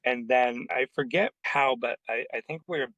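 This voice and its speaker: A man telling lively anecdotes in a casual interview, acting out the people in his stories. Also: mid-range voice, vocal fry, dry recording, muffled recording. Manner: animated anecdotes with quoted voices, quick asides. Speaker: interview guest, comics writer. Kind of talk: casual storytelling.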